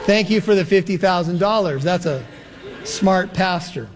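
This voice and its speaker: A male pastor preaching a sermon and leading a prayer in an earnest manner, slowing down for emphasis. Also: sits high, noisy background.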